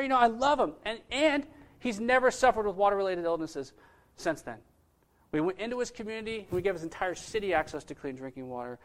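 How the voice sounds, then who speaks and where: A man, a pastor, telling a story in a sermon with lively, casual delivery that swings between loud bursts and hushed moments. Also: high-pitched.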